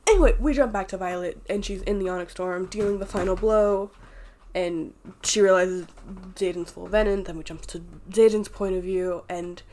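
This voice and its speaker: A woman's voice: mid-range voice, normal speed, darkish tone. A woman talking casually and candidly as she recaps and reviews a book, rambling a little and swearing freely.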